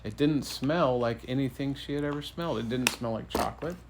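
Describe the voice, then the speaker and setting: A father telling his child a bedtime story in a playful, relaxed way. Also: mid-range voice, brisk, very noisy.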